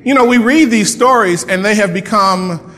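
A man preaching a sermon as pastor of his church, animated, with playful asides and lively storytelling. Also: high voice, normal speed, big-room sound. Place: church sanctuary.

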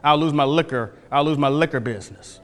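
A preacher acting out a stubborn liquor business owner who keeps insisting it is just business. His voice sits high and bright, with long reverb from a hall. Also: a little fast, natural voice. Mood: defiant. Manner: insistent, repeats himself.

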